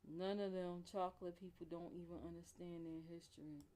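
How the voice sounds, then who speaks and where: A woman hosts her live stream in a relaxed, rambling chat aimed right at her viewers. Her voice sits on the low side. A faint background hiss runs under the talk. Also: fairly quick. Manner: chatty, rambling, talks straight to her chat.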